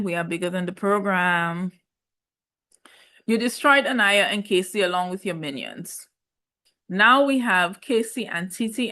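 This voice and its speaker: A woman's voice: medium pitch, a bit bright. A woman in a casual, sassy reality TV recap, with speech and playful, opinionated asides. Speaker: reality show recap host.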